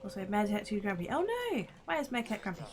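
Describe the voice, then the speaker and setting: A woman streaming a game, chattering to herself and her viewers, squealing with excitement now and then. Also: medium pitch, quick pace. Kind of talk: casual gameplay livestream chatter. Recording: game music playing underneath.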